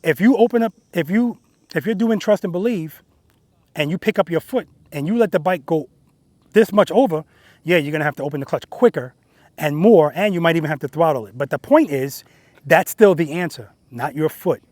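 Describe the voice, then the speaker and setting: A man's voice: on the high side, lively intonation, fairly quick, a little mellow, no room sound. A man teaching motorcycle riding outdoors, explaining emphatically and often checking in with "right?" and "guys.". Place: outdoor practice area.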